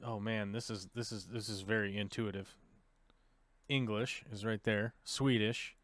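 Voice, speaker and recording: A man's voice: fairly low pitch, fairly even intonation, measured pace, a bit bright, no room sound. A man hosting a casual livestream chat in a playful way, thinking aloud and joking at himself. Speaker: livestream host.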